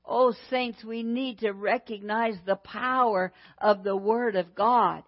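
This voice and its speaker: A woman preaching a sermon in a deliberate, emphatic way, repeating phrases for weight. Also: fairly high pitch, muffled recording.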